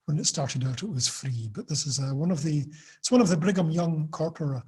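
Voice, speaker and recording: A man from Britain giving a lively online talk to teachers, often laughing and acting out quoted lines. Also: a little high, fairly quick, breathy edge. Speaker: teacher trainer. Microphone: video call.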